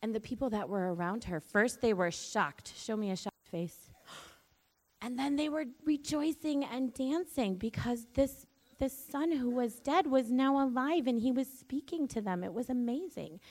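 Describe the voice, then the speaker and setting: A woman in a church telling a Bible story to children, gently and expressively, asking them to say words back. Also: a little high, animated, normal speed.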